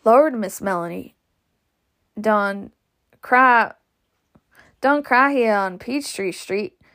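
A woman's voice: a little high, steady tone, slow. A woman voicing a fussy, fretful old male carriage driver who scolds his passengers. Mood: scolding.

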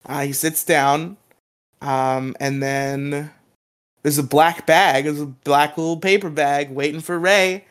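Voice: mid-range voice, fairly even intonation, slow. A podcast co-host giving a casual, rambling recap of an episode, laughing often and acting out quoted lines.

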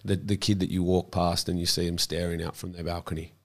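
A deep-voiced earnest man. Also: little pitch movement, fast talker, gravelly. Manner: earnest, repeats words as he thinks. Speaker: child protection campaigner, guest. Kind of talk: conversational interview.

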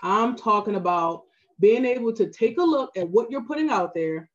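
A woman with a Baltimore accent talks through practical advice in a relaxed podcast chat. She is earnest and keeps checking in with her listener. The recording sounds a little dull and lo-fi. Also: medium pitch, normal speed. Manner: earnest, advice-giving, frequent "right?" asides. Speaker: photographer guest. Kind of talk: casual podcast interview.

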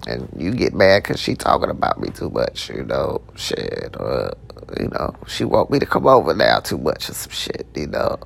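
Low gravelly dude rambling slow, slangy and cussing a lot, keeps repeating himself. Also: male voice, huge pitch swings. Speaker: podcast host. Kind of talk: casual storytelling monologue.

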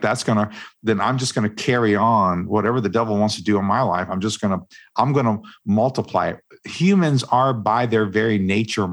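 Casting: middle-aged male co-host, low gravelly voice, earnest preacherly faith talk. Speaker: podcast co-host. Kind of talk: casual faith discussion.

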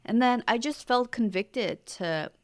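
A woman co-hosting a podcast, telling a parenting story in a reflective, soft-spoken way. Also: fairly high pitch, measured pace. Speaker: podcast co-host. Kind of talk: casual conversation.

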